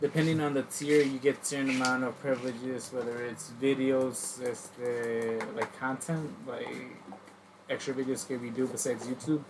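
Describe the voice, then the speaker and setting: Male co-host, code-switches with fillers, mid-pitch, faint noise. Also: steady tone, normal speed. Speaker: podcast co-host. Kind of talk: casual chat.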